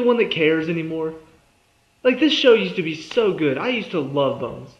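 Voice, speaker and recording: A man's voice: a little high, lively intonation, moderate pace. A young man giving a casual, exasperated review of a TV episode, sarcastic and fond of mimicking the characters. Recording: echoey room, dull lo-fi sound.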